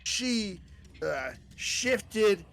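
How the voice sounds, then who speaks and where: Lively, gravelly male player. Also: sits high, very slow. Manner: lively, excitable. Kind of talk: casual tabletop gaming chat.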